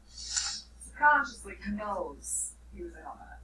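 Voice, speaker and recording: A woman's voice: medium pitch, big pitch swings, takes it slowly. A woman teacher reading a novel aloud to her class, breaking off now and then to question her students. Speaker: English teacher. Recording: echoey classroom from far off, loud noise.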